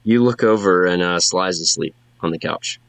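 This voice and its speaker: A man narrating as game master in a halting way, with many fillers. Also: low voice, creaky, a bit bright, no room sound.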